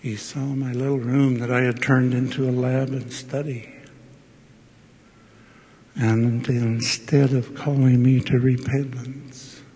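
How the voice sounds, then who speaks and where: Slow gravelly older man in a hall. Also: mid-range voice, little pitch movement, dark tone. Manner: slow, earnest storytelling with emotional exclamations. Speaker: university professor giving a devotional address. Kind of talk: personal storytelling speech. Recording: long reverb of a large hall.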